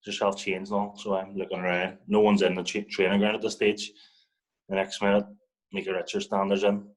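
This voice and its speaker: Speaking fairly quickly in a low voice, a young Northern Irish football guest recounts a story during casual conversation. He swears and animatedly performs others' lines, captured on a low-quality recording.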